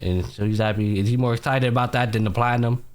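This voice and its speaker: A man's voice: medium pitch, fairly even intonation, fast talker. A young man with a mid-range voice chats casually on a podcast, walking through anime episodes scene by scene. He jumps into the characters' lines as he retells them, and his talk is loose and full of slang and the odd curse. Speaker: podcast host. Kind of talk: casual anime recap chat.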